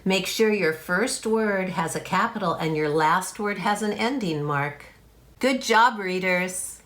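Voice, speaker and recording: A woman teacher giving gentle, encouraging instructions to young readers. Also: lowish voice, unhurried.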